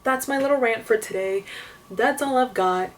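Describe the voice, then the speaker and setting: A woman's voice: fairly high pitch, moderate pace, far from the mic. A young woman venting to camera in a casual rant, exasperated and swearing, with lots of "like". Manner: exasperated, profane, fillers of "like". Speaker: vlogger.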